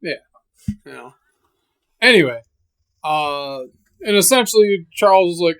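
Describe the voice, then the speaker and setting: Halting, casual game master. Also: medium pitch, expressive, a bit bright. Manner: halting, many fillers, casual swearing. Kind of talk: narrating a tabletop horror game.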